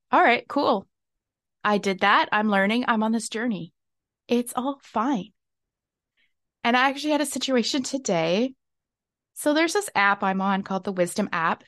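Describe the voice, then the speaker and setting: A woman's voice: mid-range voice, a bit bright, dry recording, studio quality. A young woman hosting a solo podcast, talking candidly and reflectively, often laughing at herself. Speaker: podcast host. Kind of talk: casual solo podcast talk.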